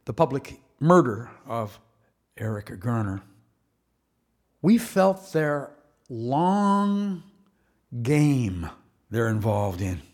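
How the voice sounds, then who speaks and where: A man presenting broadcast commentary in a deliberate, measured way. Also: mid-range voice, very animated.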